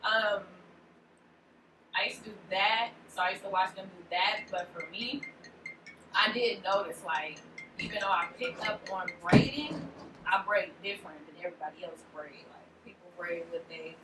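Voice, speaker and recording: A woman's voice: mid-range voice, normal speed. A woman casually telling her own story on a podcast, full of "like" and acting out the lines of the people in it. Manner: animated, full of "like", acts out quoted lines. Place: room in a shop with co-hosts. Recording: roomy, distant mic, noisy background.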